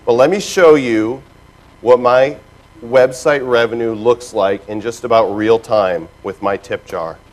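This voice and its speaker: A man giving a lively seminar talk to a live audience, telling stories with sound effects and mimicked voices. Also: mid-range voice, measured pace, rough recording. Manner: animated storytelling with character voices and sound effects. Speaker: keynote speaker. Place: stage before a live audience.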